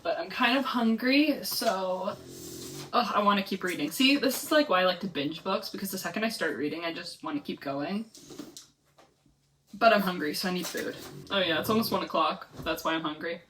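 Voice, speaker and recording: A woman's voice: lowish voice, animated, moderate pace, fairly bright tone, a little hiss or hum. Chatty young woman rambling about a book. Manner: chatty, rambling, many "like" fillers. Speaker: book vlogger. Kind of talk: casual reading vlog chat. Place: home, reading in bed or on couch. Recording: voice a bit far from the mic.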